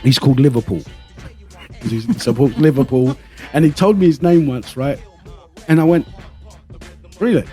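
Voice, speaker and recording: A man's voice: mid-range voice, normal speed, pauses often, warm tone, soft background music. A man hosting a casual podcast, telling rambling anecdotes and swearing freely. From London. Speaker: podcast host.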